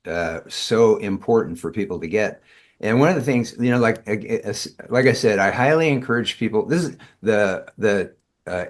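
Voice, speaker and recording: A man with a fairly low voice talks as a guest in a casual interview. He is a tai chi teacher who tells long, loose stories full of fillers and restarts. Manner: rambling, many fillers and restarts.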